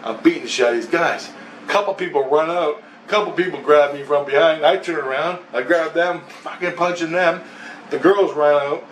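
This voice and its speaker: A man's voice: a little high, normal speed, fairly bright tone. A man telling a long dream story in a profane, rambling way, laughing between phrases. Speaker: vlogger recounting a dream. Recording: roomy echo, far from mic, faint hiss.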